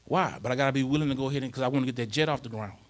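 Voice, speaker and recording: A pastor races through a conversational sermon in a medium-pitched voice. Speaking informally in church, he repeatedly asks if the congregation is with him, and his voice becomes louder and more emphatic as he reads from scripture.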